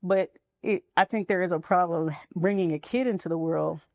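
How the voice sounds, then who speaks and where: A woman's voice: fairly low pitch, moderate pace, a little mellow, no room sound. A woman guest in a candid interview, talking frankly and reflectively about motherhood and friendship.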